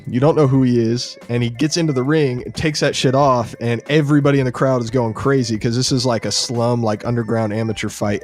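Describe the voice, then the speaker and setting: A young man with an ordinary mid-range voice tells a story in casual podcast chat. He is excited and profane, piling on slang and restarts as he rushes through the plot. Faint music plays behind him. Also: medium pitch. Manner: excited, profane retelling of a show episode. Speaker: podcast host.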